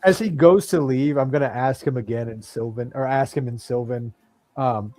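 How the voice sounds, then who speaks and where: A male player talking casually and sarcastically at a tabletop game. He has a mid-pitched voice and sounds close and dry. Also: moderate pace, warm tone, no room sound.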